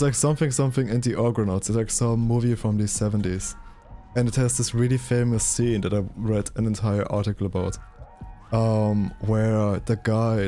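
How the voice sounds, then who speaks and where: Male streamer, low mellow voice, faint game music under him, rambling chatty commentary. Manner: rambling, self-correcting, chatting to viewers. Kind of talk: casual gaming commentary.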